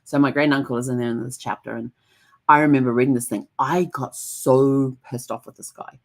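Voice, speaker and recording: A woman hosting a genealogy channel, talking casually and animatedly, jumping up high when she acts out her own reactions. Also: fairly even intonation, brisk. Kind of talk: casual solo talk to camera.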